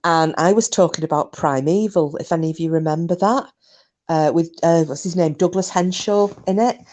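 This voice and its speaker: Chatty low-voiced woman. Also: normal speed, a little mellow. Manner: chatty, rambling, laughs often. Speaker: live stream host. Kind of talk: casual chat with live chat viewers.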